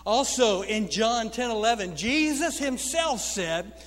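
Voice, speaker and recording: A pastor preaching a sermon, telling funny stories and calling out to the congregation. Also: male voice, sits high, lively intonation, measured pace, few pauses, a bit bright. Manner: storytelling preacher, humorous asides to the congregation. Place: church sanctuary. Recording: long reverb of a church hall.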